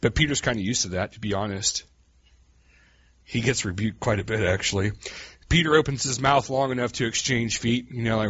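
A man preaching a sermon in a folksy, animated way, calling his listeners "guys" and swinging from quiet asides to loud cries. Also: mid-range voice, a little fast, husky, dry recording, dull audio.

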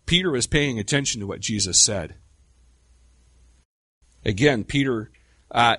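A middle-aged man preaching a sermon in a conversational way, with rhetorical questions and slow, emphatic pauses. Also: lowish voice, fairly bright tone, husky, dry recording, studio quality. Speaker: pastor.

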